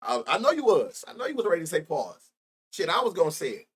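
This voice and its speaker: A man's voice: fairly high pitch, huge pitch swings, fast talker, fairly bright tone, slightly rough. A young man streaming live about sports bets, rambling and profane, laughing often and talking straight to his chat.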